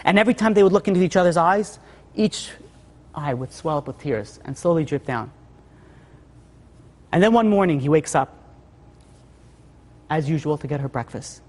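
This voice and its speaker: A man giving a holiday sermon as a rabbi. He tells a tender story in a hushed voice, then preaches with rising emphasis. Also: fairly high pitch, expressive, moderate pace, pauses often, long reverb tail.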